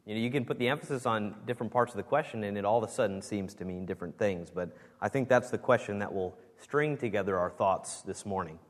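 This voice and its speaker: In a church sanctuary, a pastor with a lowish voice preaches fast with few pauses. His sermon is earnest and emphatic, hitting key words hard, and the church hall's long reverb is audible.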